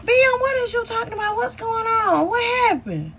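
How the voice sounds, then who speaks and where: A woman's voice: very high voice, very animated, moderate pace, a bit bright, slight background noise, voice pushed up, full character voice. Woman putting on a whiny, defensive sister. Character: defensive younger sister, feigning innocence.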